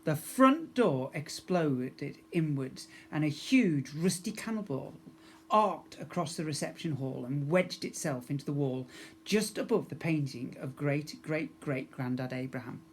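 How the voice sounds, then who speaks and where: A man, a school teacher, reading a children's storybook aloud to young pupils in a friendly, expressive way, acting out sound effects. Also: on the high side, moderate pace, slight background noise.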